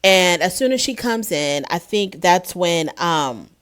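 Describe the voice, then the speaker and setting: A woman's voice: on the low side, animated, unhurried, fairly bright tone, smooth. A woman giving a casual, opinionated recap of a reality show episode, chatting freely and acting out what the cast members said.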